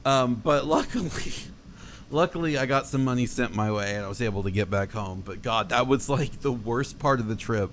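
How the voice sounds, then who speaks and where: A young man telling a road-trip story on a podcast, swearing a lot and acting out his own shouts. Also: mid-range voice, normal speed, slight background noise. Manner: profane, animated, acts out his own shouts. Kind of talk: casual storytelling chat.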